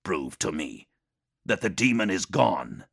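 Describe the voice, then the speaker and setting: Man doing a stern exorcist warrior, deep voice, grave and terse, audiobook. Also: sing-song, a little slow, creaky, fairly bright tone, breathy edge, heavily acted. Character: stern, suspicious male warrior-priest exorcist.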